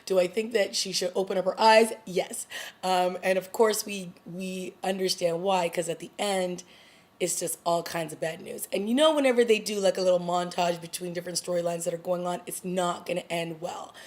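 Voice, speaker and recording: A woman's voice: lowish voice, normal speed. A woman casually recapping a TV episode in a video review, talking expressively and acting out the characters' lines. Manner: animated, acts out characters' lines. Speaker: TV review vlogger.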